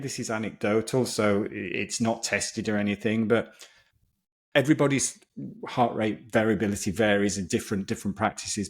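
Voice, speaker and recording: A man who coaches breathwork, explaining it as a podcast guest in an enthusiastic, chatty way with frequent restarts. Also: mid-range voice.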